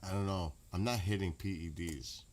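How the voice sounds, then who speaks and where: Deep-voiced New man chatting casually. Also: moderate pace. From New York. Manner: rambling, profane, laughs loudly. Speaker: streamer. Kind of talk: casual late-night stream chat.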